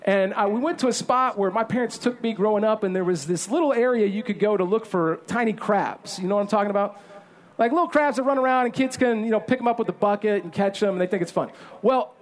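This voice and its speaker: A man in his thirties preaching a sermon as pastor, telling a self-deprecating story in an animated way. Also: high voice, fast talker.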